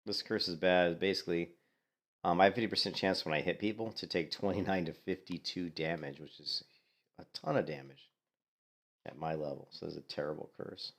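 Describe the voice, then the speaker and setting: Low gravelly congested man. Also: normal speed, a bit bright. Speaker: game streamer. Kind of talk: casual gameplay commentary.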